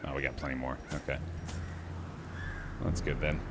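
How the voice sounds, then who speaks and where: A man's voice: a bass voice, level tone, moderate pace, heavy background noise. A man giving casual gameplay commentary, joking, swearing and laughing at himself. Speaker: gaming streamer. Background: game music.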